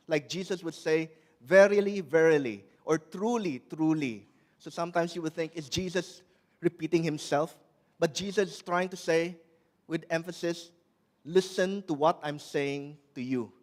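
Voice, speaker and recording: Earnest male preacher, slightly raised pitch, slows for scripture and sometimes restarts words. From Malaysia. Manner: earnest preaching, slowing and pressing on scripture quotes. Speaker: pastor. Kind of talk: sermon.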